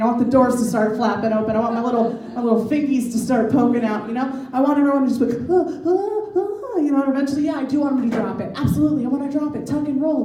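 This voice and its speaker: A woman doing a stand-up set and hosting a comedy showcase, with dark jokes and frequent asides to the crowd. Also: fairly high pitch. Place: library event room with live audience. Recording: echoey room miked from far off, crowd.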